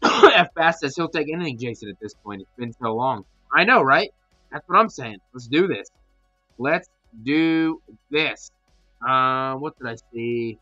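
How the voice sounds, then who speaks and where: A man hosting a horror podcast in casual live-stream chat, rambling and excitedly answering messages from viewers. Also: medium pitch, normal speed, no room sound, muffled recording, soft background music.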